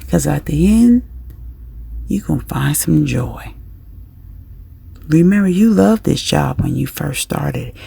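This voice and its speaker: A woman vlogger giving casual parenting advice in a lively, chatty way, acting out little scenes and pep-talk tips. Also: low voice, slow, gravelly, long pauses, breathy edge.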